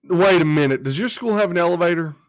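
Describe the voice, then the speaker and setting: A man's voice: high voice, fast, dry recording, studio quality. A man with an Eastern Kentucky accent co-hosting a casual podcast and telling an easygoing story. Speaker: podcast co-host and teacher.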